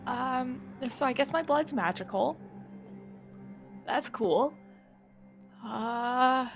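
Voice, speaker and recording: Gravelly-voiced woman player. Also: high voice, very slow, pauses often, faint music behind. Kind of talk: tabletop game chat.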